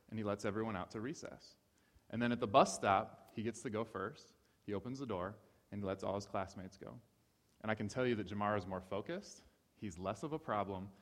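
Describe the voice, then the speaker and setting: A man from Ohio giving a sermon-style talk, telling stories with animation and repeating key phrases for emphasis. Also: on the low side. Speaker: speaker. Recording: reverberant hall.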